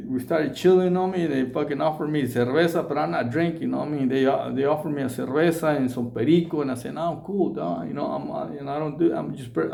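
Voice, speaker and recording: A middle-aged man from Mexico, telling a story to camera in halting, repetitive English mixed with Spanish slang. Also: fairly high pitch, creaky, dark tone. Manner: halting, many repeated words and restarts. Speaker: vlogger.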